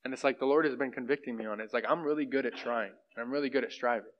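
A man's voice: medium pitch, very fast. Man, pastor, casual group teaching, conversational, restarts, muffled lo-fi sound. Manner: conversational, full of restarts and "right?" checks. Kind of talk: informal sermon and discussion. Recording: dull lo-fi sound.

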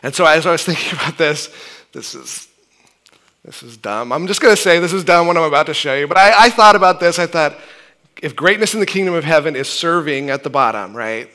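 Guy preaching, chatty and animated, kinda high bright voice, keeps going "right?". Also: fairly quick. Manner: conversational, animated preaching with frequent restarts and "right?". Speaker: pastor. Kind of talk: sermon.

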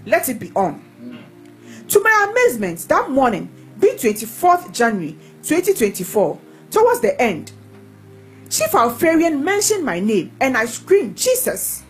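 Lively high-voiced woman reading testimonies. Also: normal speed, faint music behind, low-quality recording.

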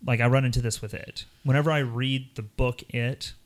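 A man co-hosting a podcast, talking in a rambling, animated way and putting on voices when he quotes people. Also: mid-range voice, a little fast. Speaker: podcast co-host. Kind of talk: casual chat.

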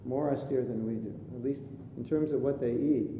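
A man as spiritual teacher giving a chatty sermon with jokes, in a live recording from an echoey hall with a faint rumble. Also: moderate pace. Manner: chatty storytelling, jokey asides.

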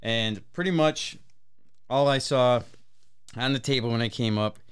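Smooth-voiced man telling a rambling story. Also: medium pitch, measured pace, fairly bright tone. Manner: rambling, profane, often laughing mid-story. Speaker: podcast co-host. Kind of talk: casual storytelling chat.

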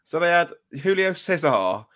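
A man's voice: on the high side, big pitch swings, normal speed, a bit bright. Man, football podcast host, casual chat, rattles off names. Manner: chatty, reels off player names.

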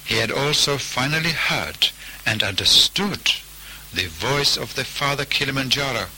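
A man telling a folk tale as storybook narration, in a measured way. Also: medium pitch, lively intonation, sharp tone, a little hiss or hum, low-quality recording.

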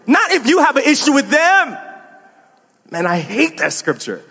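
A man's voice: very high-pitched, huge pitch swings, normal speed, gravelly, pushed and bright, big-room sound. A man preaching a sermon as a pastor, talking casually to the congregation with asides and laughs.

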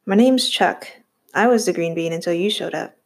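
A woman voicing a chatty, cheeky twelve-year-old boy in a read-aloud story, with a slightly raised childlike pitch. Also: normal speed. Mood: cheerful.

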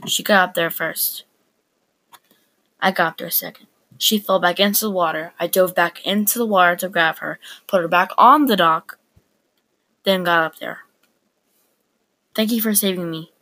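A woman reading a personal story aloud in a plain, unhurried way with small stumbles. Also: on the low side, pushed and bright.

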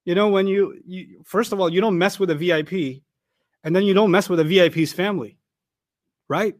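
High-voiced animated man teaching. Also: brisk, no echo, clean studio sound. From New York, United States. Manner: animated, conversational, acts out dialogue. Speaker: Quran teacher. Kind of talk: Quran lesson with personal storytelling.

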